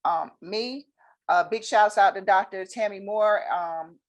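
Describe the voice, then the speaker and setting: A woman's voice: medium pitch, measured pace. A woman, chatting casually as a guest and acting out conversations as she tells them. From North Carolina, USA. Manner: animated storyteller, acts out both sides of conversations. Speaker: guest, accounting firm owner. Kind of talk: casual chat.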